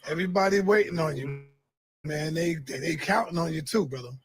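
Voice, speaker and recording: A man moderating a debate stream in a relaxed, encouraging way over a video call. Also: on the high side, fairly quick, breathy edge, dry recording, low-quality recording. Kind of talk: casual moderating.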